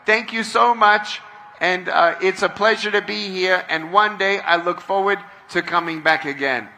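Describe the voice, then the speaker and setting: A middle-aged man giving a motivational speech to a large crowd at an outdoor event, leading call-and-response and often shouting. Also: high voice, moderate pace, a little hiss or hum. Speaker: motivational speaker.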